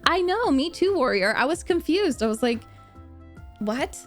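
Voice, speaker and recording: Young woman, streamer, casual chat with viewers, gushing, laughs a lot, slightly high voice, faint background music. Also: unhurried. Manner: gushing and animated, laughs often, answers chat comments. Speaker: streamer reacting to a book series.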